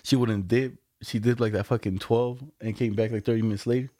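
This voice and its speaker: A man's voice: medium pitch, steady tone, fairly quick, warm tone, no room sound, studio quality. A man co-hosting a podcast, telling stories in loose, slangy, profane casual chat. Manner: laid-back slangy storytelling, lots of profanity. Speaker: podcast co-host.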